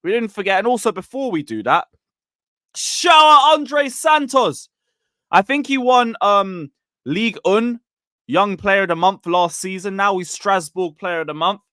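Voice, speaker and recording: A man hosting a casual football livestream, reading out chat and calling for likes. His voice sits a bit high and moves around lively. The sound is dry and close. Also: measured pace, no room sound. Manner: chatty, reads out chat messages. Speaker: livestream host.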